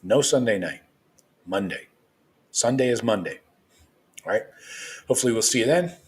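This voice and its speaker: A man's voice: mid-range voice, lively intonation, normal speed. A man hosting a live sports stream, talking loosely and rambling as a partisan fan. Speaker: live show host.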